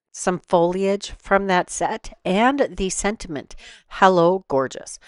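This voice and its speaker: A woman with a fairly low voice talks through a paper craft project step by step, relaxed and unhurried, with the odd "um". The recording is dry and close, with no room sound. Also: no room sound. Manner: relaxed, step-by-step explaining with fillers. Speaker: card-making tutorial host. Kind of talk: voice-over craft tutorial.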